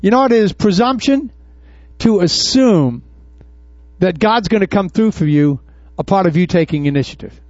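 A man preaching to his congregation in a high voice, tossing out questions and acting out Bible scenes. The sound is dry and a little dull. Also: expressive, moderate pace, darkish tone, no echo. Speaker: pastor. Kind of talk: sermon. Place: church before a congregation.

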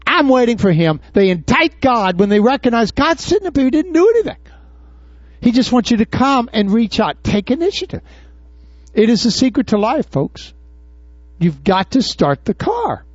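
A pastor preaching a sermon, firing questions at the congregation and acting out Bible scenes. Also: male voice, high-pitched, a little mellow, no echo, lo-fi sound. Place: church before a congregation.

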